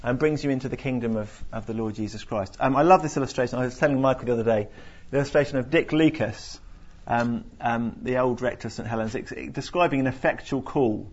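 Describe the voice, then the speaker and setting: A man teaches a group from the Bible, earnest and explanatory, stumbling through restarts and fillers. His voice is husky, and the recording sounds dull and lo-fi. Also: medium pitch, fast.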